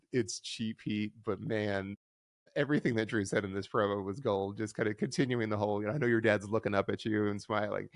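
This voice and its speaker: A man hosting a wrestling recap podcast, talking in a casual, opinionated and wry way, with quick restarts. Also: lowish voice, no echo, clean studio sound. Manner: opinionated, wry, talks fast with filler restarts.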